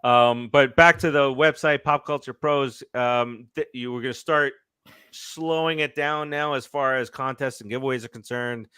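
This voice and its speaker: A man's voice: mid-range voice, fairly even intonation, normal speed, pushed and bright, clean tone, no echo, clean studio sound. A man co-hosting a sports and movie podcast, talking casually with lots of fillers and restarts. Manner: rambling, many fillers and restarts. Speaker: podcast co-host. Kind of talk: casual chat.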